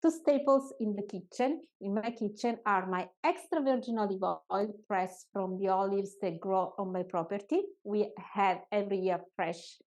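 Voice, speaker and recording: A woman with an Italian accent, hosting a live online cooking class from her home kitchen in a chatty way, often pausing to find her English words. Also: mid-range voice, a little mellow. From Italy. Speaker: cooking teacher and host.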